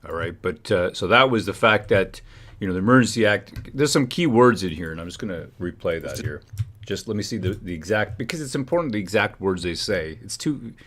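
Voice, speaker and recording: A man's voice: on the low side, lively intonation, a little fast, a bit bright. A man hosting a live stream, commenting heatedly and often restarting his phrases. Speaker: livestream host.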